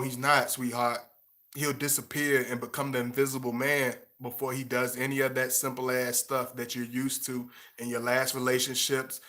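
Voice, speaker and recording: A man's voice: medium pitch, bright, forceful tone. A young man lecturing his viewers bluntly and passionately, stumbling over repeated words as he pushes his point. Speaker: vlogger giving relationship advice. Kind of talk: casual monologue to camera.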